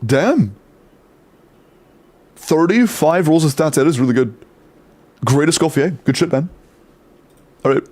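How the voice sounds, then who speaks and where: A man's voice: on the high side, animated, darkish tone. Casual young man streamer chatting. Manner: chatty, greets chat rapidly, swears casually. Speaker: streamer reviewing game accounts. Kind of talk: casual live stream chat.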